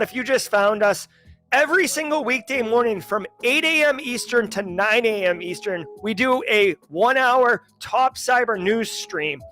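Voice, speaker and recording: Bright-voiced joking Massachusetts livestream host. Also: male voice, extremely high pitch. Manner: joking, animated, chatty. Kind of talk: casual livestream chat.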